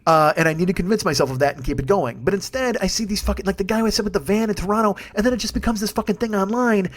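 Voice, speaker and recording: A man's voice: sits high, rapid-fire. A man in his fifties hosting his own podcast, ranting in a profane, exasperated and emphatic solo monologue. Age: 50s. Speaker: podcast host and comedian.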